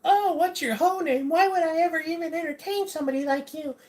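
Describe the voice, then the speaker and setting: A man voicing a prissy, offended person sneering at a nickname, in a mocking falsetto. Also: brisk, darkish tone. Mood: snooty. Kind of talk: livestream chat.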